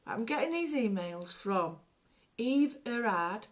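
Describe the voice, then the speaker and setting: A woman's voice: on the high side, animated, a little slow, a little hiss or hum. A middle-aged woman hosting a casual craft tutorial, chatty and jokey, drifting off into stories. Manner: chatty, digressive, jokey storyteller. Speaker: art workshop host.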